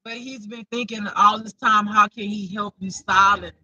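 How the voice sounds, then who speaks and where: A man's voice: sits high, fairly even intonation, moderate pace, sharp tone, no room sound, muffled recording. A man giving an improvised spiritual reading to viewers, emotional and close to tears, repeating himself in a chatty way. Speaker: intuitive spiritual reader.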